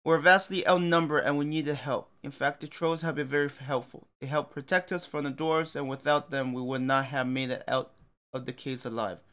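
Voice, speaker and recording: A man's voice: fairly high pitch, steady tone, normal speed, a bit bright, natural voice. A man voicing an earnest, polite young male elf leader. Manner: earnest, apologetic.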